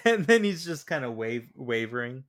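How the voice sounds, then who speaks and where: A man co-hosting a podcast, excitedly talking through movie scenes, often tripping over and repeating his words. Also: mid-range voice, normal speed. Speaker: podcast co-host. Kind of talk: casual movie recap chat.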